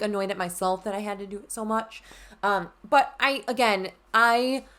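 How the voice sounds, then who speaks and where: A young adult woman chatting casually in a makeup vlog, bubbly and gushing. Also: mid-range voice. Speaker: beauty vlogger.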